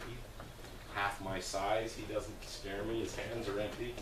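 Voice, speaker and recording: With a fairly bright, level voice on the low side, a man speaks unhurriedly as a guest telling a group stories about a volunteer food project, earnest and plainspoken, hesitating now and then. A distant mic gives roomy sound and a little hiss or hum.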